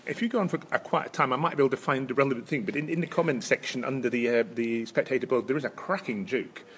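A Scottish man with a Highland accent, chatting casually as a podcast co-host, rambling through restarts and chuckles. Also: quick pace, a bit bright, a little hiss or hum. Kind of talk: casual chat.

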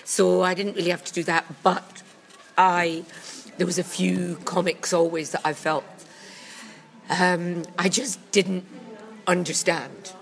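A woman's voice: lowish voice, level tone, measured pace, gravelly, long pauses. A woman, a comedy critic co-hosting a casual chat, dry and blunt in manner. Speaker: comedy critic and podcast co-host.

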